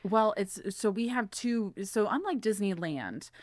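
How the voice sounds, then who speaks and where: A woman's voice: mid-range voice, animated, unhurried, dry recording. Female podcast co-host, chatty and upbeat, easy laugh, dry close recording. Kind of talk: casual chat.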